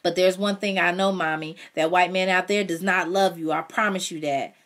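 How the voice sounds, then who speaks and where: A woman reading a novel aloud in the first person, with expressive delivery and dialogue voiced in a higher tone. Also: normal speed. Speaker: audiobook reader.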